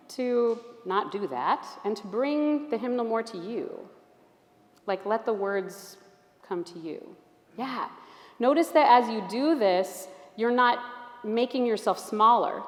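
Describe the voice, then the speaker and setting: A woman teaching a church group, her voice sitting a little high and friendly as she coaxes people to try things out. She speaks in a large hall, and her words ring on with a long, roomy echo. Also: expressive, a little slow. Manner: gentle, encouraging, invites the group to try things. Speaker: Alexander Technique teacher leading a workshop. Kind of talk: guiding a group exercise.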